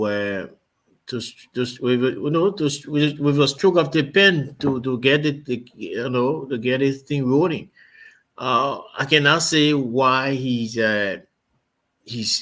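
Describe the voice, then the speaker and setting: A man's voice: medium pitch, fairly bright tone. A male panelist on a live talk show, with a mid-range voice. He talks hesitantly, with many fillers and restarted phrases.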